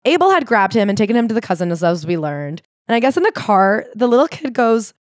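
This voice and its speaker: A woman co-hosting a podcast, retelling a book in a casual, animated way and acting out the quotes. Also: fast, no room sound, studio quality. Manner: animated storyteller, acts out quotes with sharp pitch jumps. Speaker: podcast co-host. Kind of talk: casual book-club chat, retelling a story.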